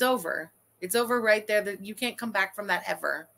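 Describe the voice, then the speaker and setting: A woman's voice: medium pitch, animated, normal speed, few pauses, a bit bright. A woman hosting a commentary stream, reacting to a livestream with blunt, sarcastic, foul-mouthed remarks. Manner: blunt, sarcastic, swears freely. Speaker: commentary channel host.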